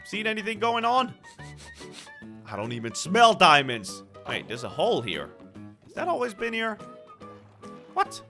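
A young man narrates his gameplay in a dramatic, excitable way. His voice is high and bright, swinging widely in pitch. Faint music plays underneath. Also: a little slow, pauses often. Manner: excitable, dramatic, shrieks at scares. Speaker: gaming video host. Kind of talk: gameplay commentary.

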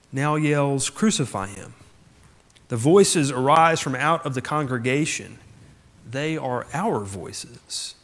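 A man preaching a sermon as pastor, earnest and building his points with repeated phrases. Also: medium pitch. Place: church sanctuary. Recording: long church reverb.

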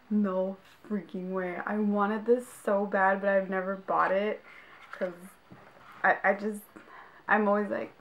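Unboxing makeup for her channel, a young woman speaks straight to her audience and exclaims excitedly over the products in this casual vlog. She has a mid-range voice, a level tone and an unhurried pace, with clearly noticeable background noise.

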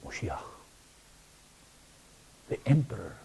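A man preaching a sermon, emphatic and halting, with long pauses between phrases. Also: mellow. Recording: long hall reverb.

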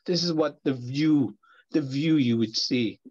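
A man's voice: medium pitch, a little slow, a little mellow, husky. A man teaching a language class over a video call, encouraging his students and laughing easily. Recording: muffled video call audio.

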